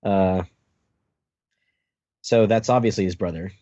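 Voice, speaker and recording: A man co-hosting a podcast, excitedly recapping a manga chapter and laughing as he reads. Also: deep voice, slow pace, no room sound, highs cut off. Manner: excitable, laughing while reading the story aloud. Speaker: podcast co-host.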